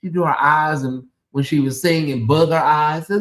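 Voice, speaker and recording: A sassy live commentary host who chats straight to viewers like old friends, tossing in "honey" and "girl." The voice sits at a middling pitch, jumping up for loud exclaims and dropping low for quick asides, all in a gossipy, animated delivery. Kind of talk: live reaction commentary, reading chat comments.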